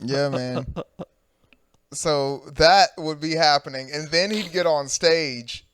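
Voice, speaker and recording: A man co-hosting a podcast in casual chat, with dry jokes and quick quips. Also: on the high side, fairly bright tone, clear, resonant tone. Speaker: podcast co-host.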